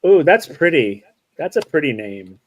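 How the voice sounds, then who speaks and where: A man voicing an excitable little girl in a tabletop game, chirpy and eager. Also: on the high side, normal speed, low-quality recording. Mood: sweet chatty.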